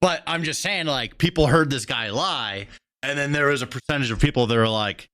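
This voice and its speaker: A man's voice: mid-range voice, fairly quick, pushed and bright. A man hosting a reaction stream, giving blunt, profane running commentary.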